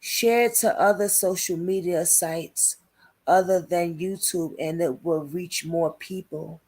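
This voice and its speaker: A woman's voice: lowish voice, fairly even intonation, slow pace, a little mellow. A woman hosting a casual live stream, talking in an informal, slangy way and reading and answering viewer comments as she goes. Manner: talkative, reads and answers viewer comments aloud. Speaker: livestream host covering a criminal case.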